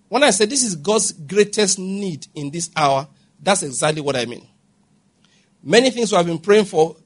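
A man preaching a sermon, his voice husky and pitched high for a man. He presses each point hard and keeps checking that his listeners are following him. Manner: emphatic, repeats questions to the congregation. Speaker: pastor.

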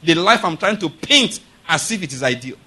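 Male preacher, high and bright, emphatic, keeps questioning the congregation. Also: lively intonation, normal speed, husky. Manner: emphatic, rhetorical questions to the audience. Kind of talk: sermon.

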